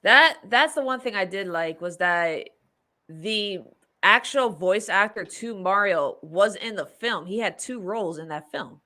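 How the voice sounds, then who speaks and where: A woman's voice: mid-range voice, expressive, unhurried, pushed and bright. A woman hosting a podcast, chatting casually and rambling through a movie review, laughing often. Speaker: podcast host.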